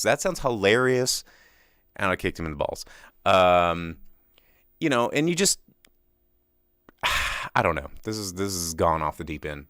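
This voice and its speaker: A man's voice: medium pitch, a little slow, pauses often, no echo. A young man hosting a live solo movie podcast, ranting casually and acting out voices with many restarts. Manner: animated storyteller who acts out voices, many restarts. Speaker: podcast host.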